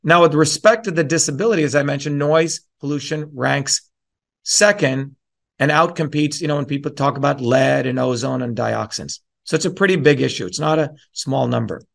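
A man's voice: a little high, moderate pace, gravelly, a bit bright. A man speaking at a town hall, explaining science in a lecturing way and then ranting in a profane, heated, combative manner. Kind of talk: lecture turning into an angry rant.

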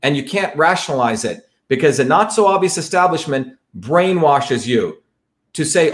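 A man's voice: a little high, lively intonation, moderate pace. A man from India hosting a political monologue, talking in an emphatic, repetitive, rallying way as he introduces his guest. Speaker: host.

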